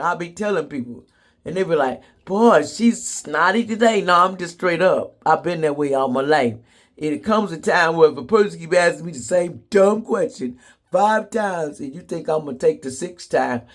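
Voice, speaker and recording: A man telling comedic stories to the camera in a sassy, blunt way, laughing often. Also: fairly high pitch. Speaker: vlogger. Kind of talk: casual comedic storytelling.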